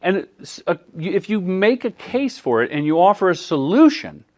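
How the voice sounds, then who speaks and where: Middle-aged male workshop presenter, lively pitch, acts out dialogue. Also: moderate pace. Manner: animated, acts out quoted dialogue in voices. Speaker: workshop presenter, commercial director. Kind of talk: workshop talk answering audience questions. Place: workshop room at a film festival.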